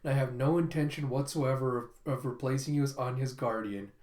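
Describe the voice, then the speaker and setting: A man putting on a low, cool-headed male spy. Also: a little mellow, roomy sound, natural voice. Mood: earnest. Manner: low, measured inner monologue. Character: calm, calculating adult male spy.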